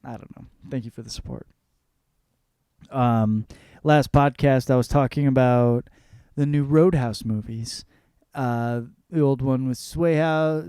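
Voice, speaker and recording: A man's voice: mid-range voice, mellow, clear, resonant tone, no room sound, studio quality. A man in his thirties hosting a podcast, talking through listener comments in a loose, profane, rambling way and laughing at his own jokes. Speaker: podcast host. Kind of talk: casual comedic monologue.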